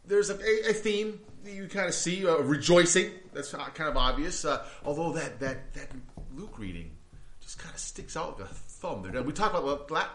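A man's voice: fairly high pitch, a bit bright, echoey room. A man preaching a sermon to his congregation, talking conversationally with frequent restarts and rhetorical questions. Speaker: pastor.

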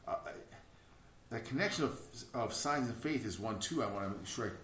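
A man preaching a sermon as a pastor, in an earnest manner that swings between loud, emphatic bursts and quiet, reflective stretches. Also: medium pitch, lively intonation, fairly quick, a little hiss or hum. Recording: roomy, dull lo-fi recording.

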